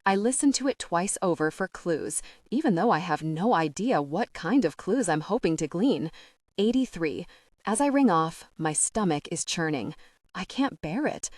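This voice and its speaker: A woman's voice: fairly low pitch, expressive, moderate pace, no room sound, clean studio sound. A woman narrating a romantic comedy audiobook in the first person, wry and conversational.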